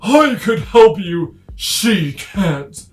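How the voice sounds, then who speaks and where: A man voicing a brash, threatening male snowball bully who shouts his lines. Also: high voice, very animated, extremely slow, echoey room, soft background music, voice pushed up, heavily acted. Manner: shouting, loud.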